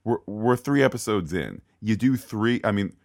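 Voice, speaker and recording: A man's voice: on the low side, animated, normal speed, creaky. A man co-hosting a podcast, chatting casually and ranting playfully about a TV episode. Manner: opinionated, ranting with playful asides. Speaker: podcast co-host.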